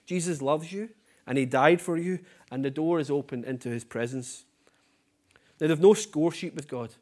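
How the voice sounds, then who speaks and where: A male preacher with a fairly high-pitched voice delivers an earnest sermon. He leans on repetition for emphasis and lets his phrase endings drop quietly.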